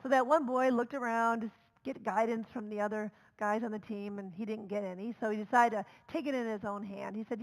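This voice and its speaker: A woman minister giving a storytelling sermon, conversational, moving between loud calls and soft near-whispers. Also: on the high side, normal speed, poor audio. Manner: conversational, with fillers and asides.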